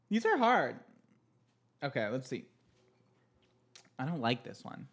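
Excitable podcast co-host. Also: medium pitch, takes it slowly, breathy edge. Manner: excitable, animated, laughing often. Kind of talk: casual chat.

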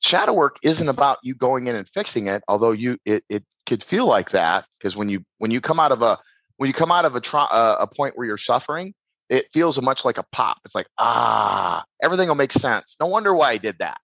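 A man's voice: medium pitch, fairly quick, dry recording, muffled recording. A man, a podcast guest who does shadow work, talking casually, rambling and restarting his sentences. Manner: rambling, repeats words and restarts, animated.

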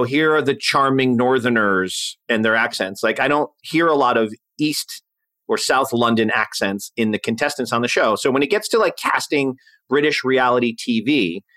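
A man's voice: medium pitch, a bit bright. A man hosting an interview, asking curious, thoughtful questions in casual chat. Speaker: host.

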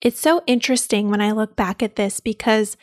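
A young adult woman, a labor and delivery nurse, tells her own birth story in a heartfelt, excitable way. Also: mid-range voice, brisk, dry recording, studio quality. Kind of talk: personal birth story told to an audience.

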